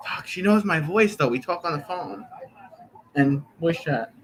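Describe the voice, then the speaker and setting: Young male streamer, slightly high voice, rambling and profane. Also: expressive, measured pace, a little hiss or hum, low-quality recording. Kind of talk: casual live-stream chat. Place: bedroom.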